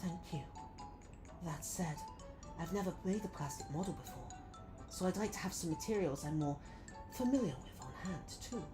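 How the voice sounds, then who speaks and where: A woman reading aloud as a gentle, earnest female sculptor, formal and in a put-on British accent. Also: fairly low pitch, expressive, normal speed, pauses often, music in the background, lightly acted, low-quality recording. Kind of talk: reading game dialogue aloud.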